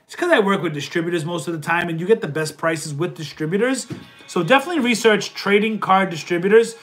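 A man's voice: high voice, animated, fast, fairly bright tone, soft background music. A man hosting a casual livestream, reading viewer questions aloud and answering them, with a stuffy nose. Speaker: livestream host and reseller.

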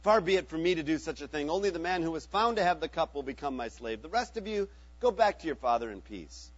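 A man reading the part of a powerful ruler who speaks gravely to his brothers, in a scripture reading. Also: on the high side, lively intonation, fast, highs cut off. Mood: earnest.

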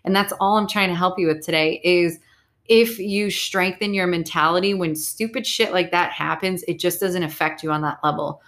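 A young adult woman hosts a solo podcast, her lowish, slightly bright voice steady at a normal pace. She talks casually, bluntly, and with profanity about staying positive.

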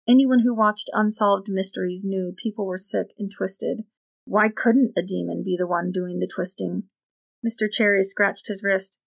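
A woman narrating a novel in an even, measured storytelling voice. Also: medium pitch, creaky. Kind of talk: audiobook narration.

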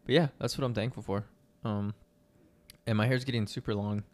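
A man's voice: on the low side, fairly quick. A young man co-hosting a podcast, chatting casually with fillers and reading news articles aloud. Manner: relaxed, rambling with fillers. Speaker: podcast co-host.

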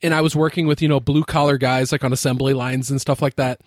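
A man's voice: mid-range voice, little pitch movement, quick pace, no room sound, clean studio sound. A man in his thirties from the United States, telling laid-back stories with frequent fillers and easy laughter. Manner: laid-back storytelling, says like often, laughs easily. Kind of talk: casual chat.

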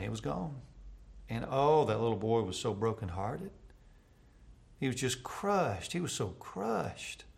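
An earnest male pastor delivers a sermon for a church broadcast. He tells stories at a mid-range pitch and often lets his voice fall quiet and soft for the tender parts. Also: creaky. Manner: earnest storytelling preacher, voice dropping soft for tender moments.

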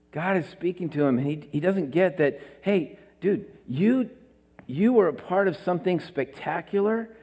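A man preaching a sermon as pastor, swinging from loud exclamations to hushed, near-whispered lines. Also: on the high side. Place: church hall. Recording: long hall reverb.

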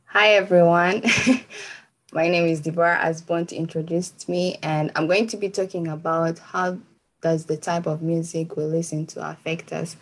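A woman giving an informal Christian teaching talk, chatty and laughing often, with many fillers. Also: fairly low pitch.

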